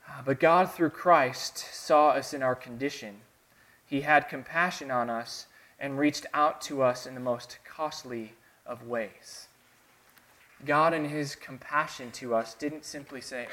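A man's voice: medium pitch, unhurried. Earnest Southern man preaching a sermon. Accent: Southern American. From American South. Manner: earnest, dramatic swings between soft and emphatic. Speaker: pastor.

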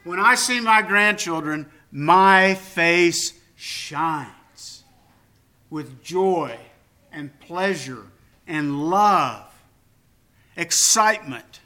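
A man's voice: fairly high pitch, animated, takes it slowly, bright, forceful tone. An older man preaching a sermon, earnest and emphatic, with personal asides. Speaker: pastor.

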